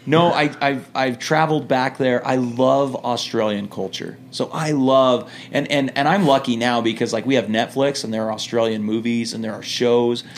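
A young American man, a former missionary, telling lively stories in a casual podcast chat and acting out quoted voices. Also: medium pitch, normal speed, hardly any pauses, slight background noise. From United States. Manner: animated storyteller, acts out quoted voices and laughs.

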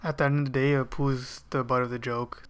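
Brief: male co-host, measured and explanatory, monotone, smooth clear voice. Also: medium pitch. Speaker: podcast co-host. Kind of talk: casual chat.

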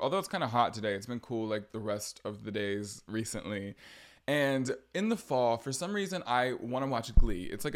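A man's voice: mid-range voice, smooth. A young man hosting a casual solo podcast, chatty and gossipy with sarcastic jabs. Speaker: podcast host.

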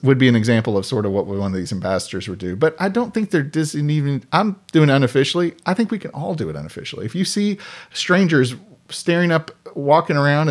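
A man telling stories in casual conversation, animatedly acting out the voices of people in his anecdotes. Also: medium pitch. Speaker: podcast guest. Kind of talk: casual storytelling.

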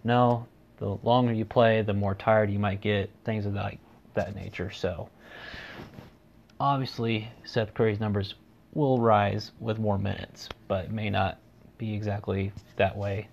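A man's voice: fairly low pitch, fairly even intonation, a little slow, creaky, highs cut off, a little hiss or hum. A man hosting a solo sports podcast, talking casually and rambling, with dry sarcasm. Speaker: podcast host.

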